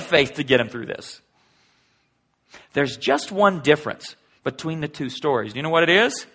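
A man preaching a sermon in a conversational way, asking the listeners rhetorical questions and swinging between loud and hushed delivery. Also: on the high side, animated, normal speed, breathy edge. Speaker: pastor.

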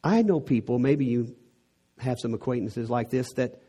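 A man's voice: medium pitch, animated, moderate pace, warm tone, husky. A middle-aged man from Texas with a Texan accent, preaching a sermon in an earnest way that builds to emphatic peaks.

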